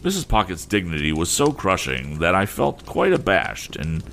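A man narrating a classic novel as an audiobook reader, measured and expressive. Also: sits low, creaky, a little hiss or hum.

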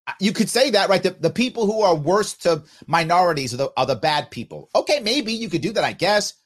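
A man talks alone into his podcast mic, working through listener comments. His voice sits high and jumps around a lot in pitch. He hammers his points and comes back to the same lines again and again. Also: brisk. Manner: animated, emphatic, repeats points for emphasis. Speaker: podcast host.

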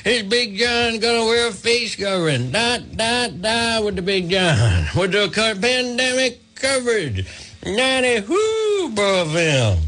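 A man putting on the voice of a boisterous male radio character, scatting a sing-song jingle in a high, strained voice. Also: sing-song, slow pace, bright, forceful tone, heavily acted. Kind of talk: talk radio bit.

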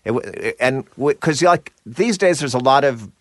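A middle-aged man from New Jersey, a voice actor, telling stories in a casual interview with crisp, clipped enunciation and a slight Jersey edge. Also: mid-range voice, normal speed, dry recording, studio quality. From New Jersey, USA. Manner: animated storyteller, slips into voices. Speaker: voice actor guest.

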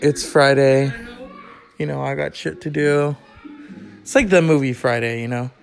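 A man's voice: mid-range voice, fairly even intonation, measured pace, gravelly, music in the background. A man hosting a podcast, rambling casually through anecdotes in a loose storytelling way. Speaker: podcast host. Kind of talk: casual monologue.

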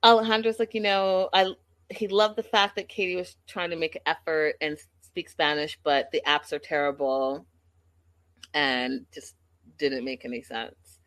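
A woman's voice: deep voice, fairly even intonation, moderate pace, a bit bright, no echo. Chatty, gossipy woman livestreamer. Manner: chatty, gossipy, addresses the audience directly. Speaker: livestream host. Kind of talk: casual recap chat.

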